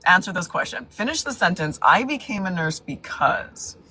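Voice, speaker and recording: A woman's voice: fairly low pitch, big pitch swings, moderate pace, pushed and bright, husky, poor audio. A woman hosting a live Q&A, chatty and upbeat. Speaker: host nurse. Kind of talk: casual live Q&A.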